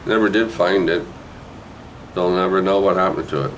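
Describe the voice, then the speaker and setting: A man's voice: low voice, fairly even intonation, normal speed, slight background noise, rough recording. A man, rambling through a childhood memory with lots of tag questions. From New Brunswick, Canada. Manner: rambling, digressive, with frequent "eh" and "right". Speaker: storyteller. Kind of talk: casual spoken memoir.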